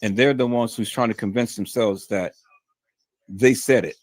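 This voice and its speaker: A YouTube live stream host delivers a repetitive monologue to his audience, whom he calls "peoples," shifting from low muttering to high shouted emphasis. He talks at normal speed, with clean studio sound and no room sound.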